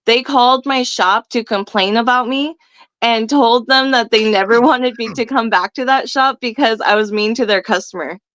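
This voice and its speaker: A woman's voice: fairly high pitch, moderate pace, fairly bright tone, no echo, lo-fi sound. Brash, profane woman telling stories. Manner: brash, profane, laughs often. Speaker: guest. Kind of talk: casual storytelling chat.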